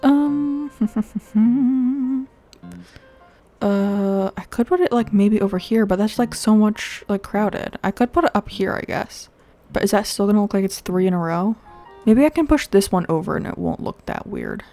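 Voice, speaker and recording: A woman's voice: medium pitch, normal speed, mellow. Congested young woman chatting over game play. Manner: chatty, rambling, thinks aloud with fillers. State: congested, sniffling. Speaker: gaming video host. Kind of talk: casual gameplay commentary. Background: faint game music.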